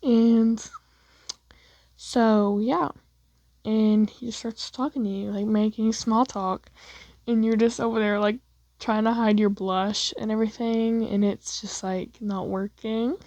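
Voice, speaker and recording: A woman's voice: on the high side, steady tone, slow, darkish tone, no room sound. Young woman rambling thru a you-are-there fan story, lots of "like", dry dull lofi mic. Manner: casual, rambling, heavy use of "like". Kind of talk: second-person fan story narration.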